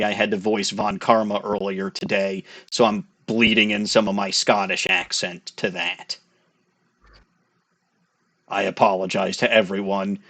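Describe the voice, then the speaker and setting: A man's voice: fairly low pitch, bright, forceful tone. A man hosting a game playthrough, chatting casually with self-deprecating asides. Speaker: let's-play host.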